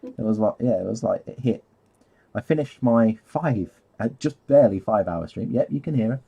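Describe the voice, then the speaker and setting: A man's voice: lowish voice, animated, fairly quick, vocal fry, mellow, breathy edge, muffled recording. A man rambling casually on a live stream while painting, easily sidetracked and laughing at himself.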